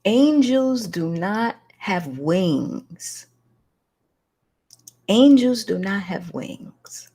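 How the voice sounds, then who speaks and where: A woman's voice: mid-range voice, a little mellow. A woman hosting a talk, telling a personal story with emotion and preacher-like emphasis. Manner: emotional, preacherly storytelling addressing listeners as y'all. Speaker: host.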